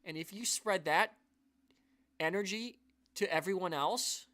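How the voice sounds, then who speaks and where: Earnest, rambling man, a bit high. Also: measured pace, pauses often, bright, forceful tone. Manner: earnest, rambling, with restarts and sighs. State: emotional. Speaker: YouTube channel host. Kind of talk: casual live stream talk to viewers.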